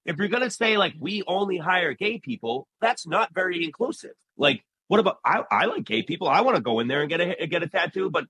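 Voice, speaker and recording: A man's voice: high-pitched, quick pace, hardly any pauses, husky, no echo, rough recording. A man, a barber, talking casually in an interview and acting out the people in his stories. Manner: animated storyteller, acts out quoted voices. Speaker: barber, guest.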